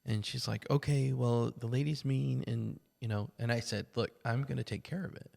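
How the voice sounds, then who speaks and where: A man with a gravelly, creaky voice tells a personal story as a church podcast co-host, ambling through it with lots of "like" and "you know." His voice sits at an ordinary middle pitch. It rings out with a long, hall-like reverb behind it. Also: moderate pace. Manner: relaxed, rambling telling with many fillers. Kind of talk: casual storytelling conversation.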